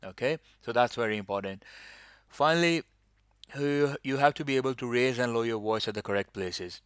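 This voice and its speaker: A man's voice: medium pitch, brisk, fairly bright tone, clean tone, no echo, clean studio sound. A man teaching an English speaking-test lesson, explaining patiently with many fillers. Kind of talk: online lesson.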